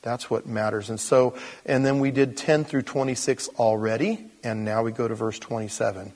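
Husky-voiced man preaching a sermon. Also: mid-range voice, normal speed, in a large hall. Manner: conversational preaching, rising to loud animated storytelling. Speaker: pastor.

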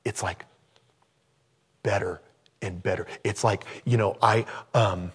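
A man in his sixties, a pastor giving an informal sermon, who swings between loud exclamations and hushed tones. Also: lowish voice, fairly even intonation, slow pace, slightly rough. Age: 60s.

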